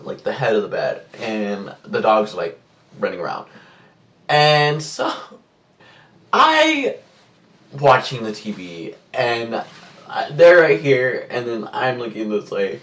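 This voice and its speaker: A young man tells a story to camera in a loose, chatty way. He jumps from hushed asides to sudden shrill squeals when he plays out his own reactions. His voice carries a roomy echo and sits a little away from the microphone. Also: unhurried, far from the mic. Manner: animated, swings into loud high squeals and hushed whispers when quoting himself. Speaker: vlogger. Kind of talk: casual storytime chat. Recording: roomy echo, a bit off-mic.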